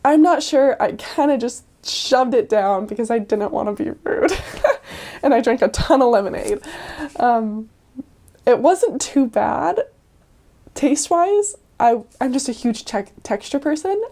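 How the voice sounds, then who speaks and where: Young woman, casual storytelling, chatty with fillers, somewhat high pitch, mellow tone. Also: expressive, measured pace. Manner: chatty, full of "like" and "um", laughs often. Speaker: returned missionary.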